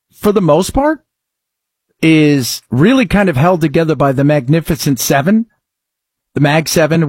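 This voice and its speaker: A man's voice: on the high side, breathy edge, no room sound. A man delivering emphatic opinion commentary, full of rhetorical questions and frequent restarts.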